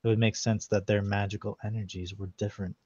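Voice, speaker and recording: Senile, stammering old statue spirit, high and fluttery, put on by a man; dry, slightly dull recording. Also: flat delivery, fast, a little mellow, no room sound, close to an everyday voice. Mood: confused. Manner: befuddled, stammering.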